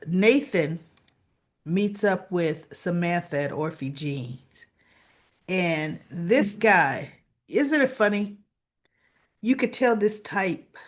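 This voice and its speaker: A woman giving a casual, chatty recap of a soap opera episode and talking straight to her viewers. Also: lowish voice. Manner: chatty, conversational, asks the audience along.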